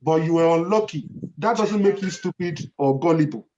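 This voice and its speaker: A man's voice: a little high, normal speed, warm tone. A man giving reassuring, emphatic advice in a casual panel chat. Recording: dull lo-fi sound with faint hiss.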